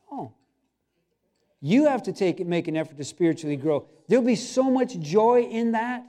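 A man's voice: very high-pitched, warm tone. A middle-aged man preaching a sermon in a loose, conversational way, with asides and restarts. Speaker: pastor.

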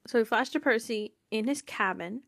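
A woman's voice: on the high side, a bit bright, dry recording, studio quality. A young woman hosting a fan podcast, chatting casually in a bubbly, giggly way with lots of fillers. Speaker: podcast host.

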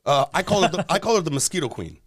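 A Detroit comedian with a slightly high voice talks rapid-fire as a podcast guest, telling a long, casual story. He's an animated storyteller who swears freely and voices the people in it. There's no echo.

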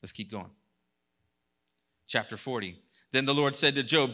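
A male pastor preaching a sermon, reading scripture aloud and acting out God's lines, moving between hushed passages and loud bursts. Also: medium pitch, moderate pace, long pauses.

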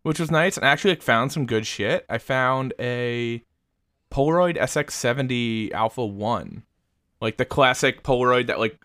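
A man's voice: medium pitch, moderate pace, fairly bright tone, clear, resonant tone, no echo, studio quality. A young man co-hosting a podcast, chatting casually in a rambling, laid-back way with plenty of swearing. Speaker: podcast co-host. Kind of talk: casual chat.

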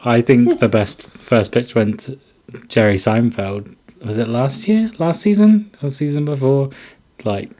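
A man's voice: medium pitch, unhurried, dark tone. A man co-hosting a podcast, chatting playfully and laughing often. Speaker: podcast co-host. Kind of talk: casual chat.

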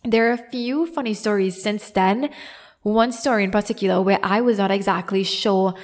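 A young woman with a Trinidadian accent, hosting a podcast and telling a story in a casual, animated, self-deprecating way. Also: medium pitch, normal speed. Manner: animated, self-deprecating, acts out quoted voices. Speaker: podcast host.

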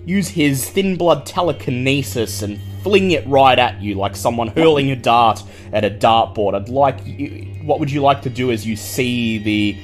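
A man running a tabletop game, explaining rules and narrating the action vividly. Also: mid-range voice. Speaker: game master.

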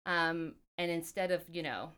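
A woman's voice: fairly low pitch, moderate pace, a bit bright, clear, resonant tone. A woman from California telling stories as a podcast guest, chatty and rambling with plenty of fillers. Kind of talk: casual interview storytelling.

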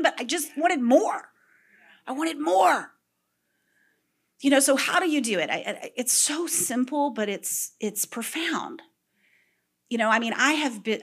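A middle-aged woman preaching a sermon, telling stories with animated energy, dropping to whispers and breaking into shouts. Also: fairly high pitch. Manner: animated storytelling, drops to whispers and bursts into shouts.

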